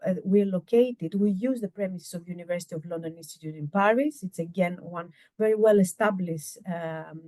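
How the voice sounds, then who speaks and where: A woman giving an informational webinar presentation about a university program, speaking in a halting way as she searches for words, over a video call microphone. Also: medium pitch, darkish tone, no echo.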